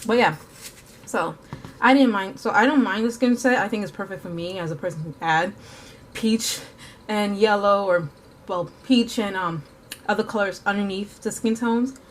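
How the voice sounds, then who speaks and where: With a little hiss or hum on the track, a woman speaks in a mid-range voice at normal speed. She rambles casually through her art vlog, full of fillers and self-corrections, and sometimes eats as she talks.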